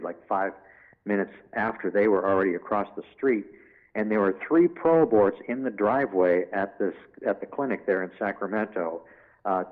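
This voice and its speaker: A man guest in an interview, telling anecdotes in an animated way and acting out the voices he quotes. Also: lowish voice, phone-quality sound.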